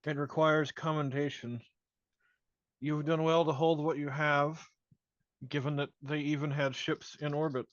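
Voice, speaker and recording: A man playing in a tabletop role-play session who speaks in measured, formal phrasing. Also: fairly high pitch, level tone, dry recording, dull audio. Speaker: player.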